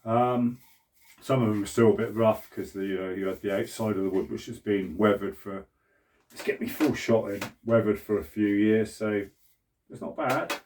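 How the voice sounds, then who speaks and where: An older British man in his sixties, chatting away to his camera in a cramped shed as he works. His voice is dark and mellow, with a loose, rambling flow. He keeps up a running patter with himself as he goes. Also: lowish voice, fairly even intonation, moderate pace. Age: 60s. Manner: chatty, rambling, self-talk while working. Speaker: woodworking vlogger. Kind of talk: casual workshop chat to camera. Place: small cluttered shed. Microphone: camera on a mount.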